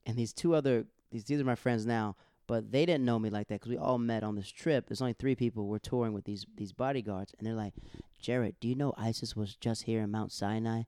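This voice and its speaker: A man's voice: on the low side, a little fast, smooth, no echo, clean studio sound. A young man hosting a casual monologue, rambling through stories and acting out the people he quotes. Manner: rambling, animated storytelling with quoted voices.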